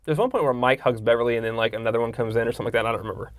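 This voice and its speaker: Fast-talking opinionated man reviewing movies. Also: mid-range voice, no room sound, studio quality. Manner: opinionated, swears freely; often acts out characters' lines. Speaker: podcast co-host. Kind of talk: casual movie review chat.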